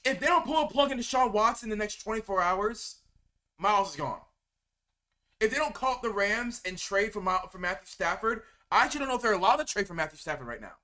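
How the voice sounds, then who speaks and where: A man's voice: sits high, big pitch swings, quick pace, pushed and bright. A man ranting to camera as a sports fan, heated and venting, stumbling and repeating words as he gets upset. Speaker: sports video creator. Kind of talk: angry fan rant to camera.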